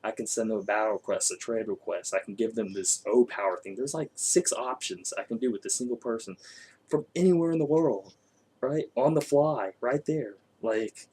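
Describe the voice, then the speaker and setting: A man talking casually about video games in an animated way, laughing often and swearing. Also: mid-range voice, a little hiss or hum. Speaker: co-host. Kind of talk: casual gaming chat.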